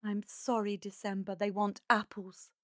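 A woman voicing a meek, kind young girl who pleads softly in a storybook. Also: medium pitch, little pitch movement, measured pace, dry recording, studio quality, close to an everyday voice. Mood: pleading. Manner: pleading, soft-voiced.

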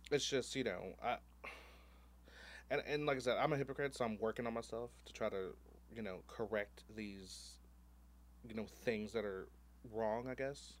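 A man's voice: fairly low pitch, normal speed, pauses often. A man hosting a podcast in casual chat, telling stories candidly and animatedly, with plenty of swearing and fillers. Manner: candid, profane, animated storytelling with many fillers. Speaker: podcast host.

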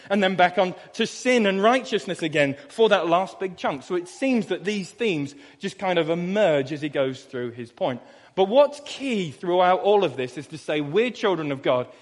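A man from Suffolk, England, preaching a sermon as pastor, reading scripture slowly and then explaining it in a chatty, anecdotal way. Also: high-pitched, long reverb tail. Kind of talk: expository sermon. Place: church hall.

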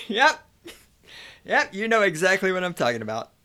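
Man, American accent, bright voice, fairly high pitch, lively, joking banter. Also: normal speed. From United States. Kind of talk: casual chat.

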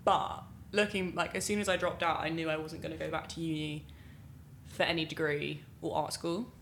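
A young woman chats as a podcast guest, her voice sitting on the low side and peppered with fillers. She laughs easily and talks at an unhurried, conversational pace. A faint hiss of room noise sits under her voice. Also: level tone, creaky, a bit bright. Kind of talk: casual interview chat.

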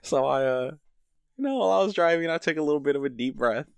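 A man's voice: on the high side, animated, fast, vocal fry, smooth, no room sound. A young man co-hosting a podcast, telling loose, rambling stories and laughing through them. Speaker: podcast co-host. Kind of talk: casual chat.

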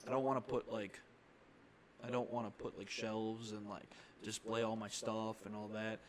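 With little pitch movement, a young man on the low side speaks at a moderate pace while co-hosting a podcast. There's slight background noise, and his casual, rambling chat is laced with fillers and restarts.

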